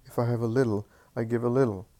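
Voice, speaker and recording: A man's voice: medium pitch, steady tone, quick pace, mellow, natural voice. A man voicing a humble, devoted male beggar who eagerly tells how he helps a sick friend. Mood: earnest. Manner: earnest, eager storytelling.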